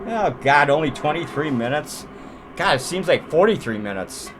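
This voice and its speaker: Brief: man, casual cursing film reviewer, lively pitch, laughs a lot. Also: normal speed, noisy background. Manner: profane, laughing, rambling. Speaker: movie reviewer. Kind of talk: casual movie review commentary.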